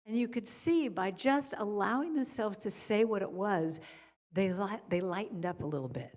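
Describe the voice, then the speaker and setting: A middle-aged woman speaking as a guest at a church service, softly guiding listeners and telling stories. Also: mid-range voice, lively intonation, moderate pace. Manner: gentle, guiding a breathing exercise then storytelling. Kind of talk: spiritual talk at a church service. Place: church sanctuary.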